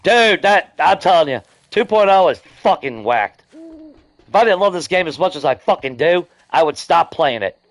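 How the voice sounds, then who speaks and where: A man's voice: sits high, big pitch swings, normal speed. Swearing, ranting male game streamer. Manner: angry ranting, heavy swearing. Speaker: gaming streamer. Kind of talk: live gameplay stream commentary.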